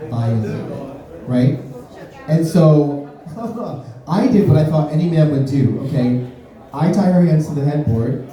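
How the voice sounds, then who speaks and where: Deadpan man doing stand-up in a club. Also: unhurried. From Miami, USA. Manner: deadpan delivery with sudden high-pitched acted-out quotes. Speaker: stand-up comedian. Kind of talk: stand-up comedy set. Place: comedy club stage. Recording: roomy club sound from a distance. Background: audience laughter.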